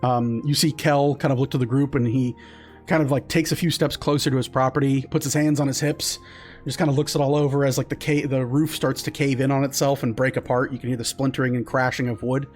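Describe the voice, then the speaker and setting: A man's voice: mid-range voice, level tone, a little fast, faint music behind. A man narrating as game master in a loose, casual way with many fillers.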